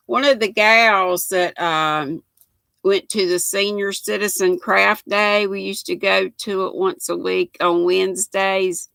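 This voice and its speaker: A woman's voice: medium pitch, gravelly, a bit bright, dry recording. An older woman from North Carolina with a North Carolina Southern accent, chatting folksily on a crochet livestream and greeting viewers by name. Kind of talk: casual livestream chat reading comments.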